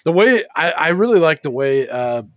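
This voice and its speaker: A man's voice: fairly high pitch, big pitch swings, normal speed, a bit bright, dry recording. A man co-hosting a podcast in casual chat. He rambles, swears freely and uses many fillers. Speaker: podcast co-host.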